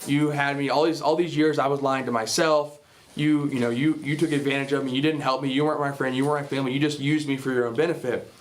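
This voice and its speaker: A hurt, defiant dockworker pours out his grievances in halting bursts, as a man acts out the scene. Each line comes out plain and bitter. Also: mid-range voice, steady tone, natural voice.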